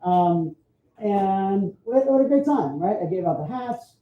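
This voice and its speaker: A man's voice: sits high, lively intonation, a little slow. A man photographer giving a chatty storytelling talk at an expo, often adding "right?" to his points. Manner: chatty, frequent "right?" tag questions. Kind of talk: storytelling presentation. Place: expo hall stage. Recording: roomy, dull sound.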